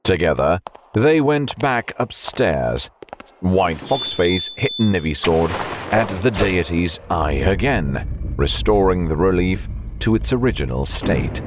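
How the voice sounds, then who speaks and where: A man narrating an audiobook with measured storytelling and faint music behind. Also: low voice, a little hiss or hum.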